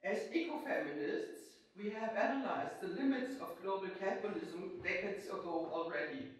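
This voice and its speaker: A woman's voice: fairly low pitch, animated. Older German-accented woman, echoey hall. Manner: deliberate, with short self-deprecating laughs. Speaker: lecturer. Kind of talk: reading a prepared lecture. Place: conference hall. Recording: echoey hall from far off, faint noise.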